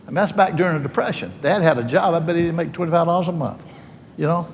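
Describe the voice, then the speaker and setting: A man's voice: a little high, fast talker, long reverb tail, slight background noise. An older man with a Southern US accent, giving a homespun, joking faith talk full of stories as he addresses a team. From Alabama, US.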